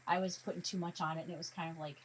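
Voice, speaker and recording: A woman's voice: on the low side, little pitch movement, very fast, slight background noise, rough recording. Chatty woman narrating a craft demo. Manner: chatty, talks herself through each step; jokey self-talk to her materials. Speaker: craft tutorial host.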